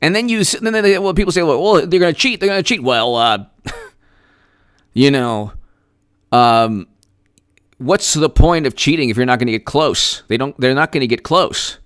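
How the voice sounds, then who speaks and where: A man's voice: mid-range voice, expressive, measured pace, pauses often, fairly bright tone, smooth, no echo. Argumentative male commentator, dry close sound. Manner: argumentative, repeats points, rhetorical questions; frequent restarts and fillers, mocking laughs. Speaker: political commentator. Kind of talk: solo political commentary.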